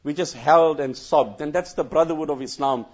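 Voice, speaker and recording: Earnest male cleric, high-pitched voice, dull lo-fi sound, recounting an emotional scene. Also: normal speed. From South Africa. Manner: earnest, repeats phrases, breaks into chanted Quran recitation. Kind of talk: emotional first-hand recounting talk.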